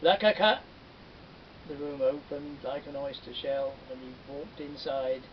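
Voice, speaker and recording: A man telling a folktale with lively, animated narration. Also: a little slow. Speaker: storyteller. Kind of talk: folktale storytelling. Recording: dull distant recording with faint rumble.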